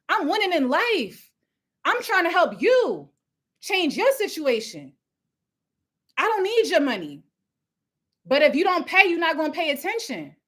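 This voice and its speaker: Loud, bright-voiced woman preaching hustle. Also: very high voice. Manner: loud, passionate, preachy, laughs often. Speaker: host of a live coaching stream. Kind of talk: live motivational talk. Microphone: phone or webcam at home with ring light.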